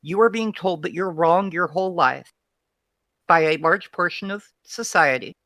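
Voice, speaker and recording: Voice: medium pitch, moderate pace, sharp tone, no room sound, clean studio sound. An interview guest speaking frankly and bluntly in long, unbroken runs of casual talk.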